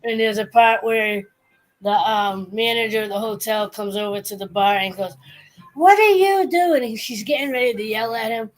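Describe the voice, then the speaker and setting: A woman's voice: mid-range voice, moderate pace. Female streamer, chatty, acts out quotes as she tells stories. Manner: animated storyteller acting out quotes. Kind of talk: casual chat.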